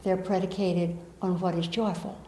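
A woman's voice: fairly low pitch, flat delivery, normal speed, dark tone, a little hiss or hum. A middle-aged woman with a Southern American accent, a spiritual teacher giving an earnest, reflective talk to an audience with playful asides. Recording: echoey room.

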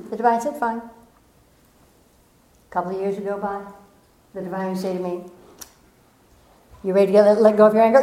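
A middle-aged woman giving a gentle, earnest spiritual talk with playful asides. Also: medium pitch, fairly even intonation, normal speed, pauses often, echoey room, rough recording. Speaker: spiritual speaker.

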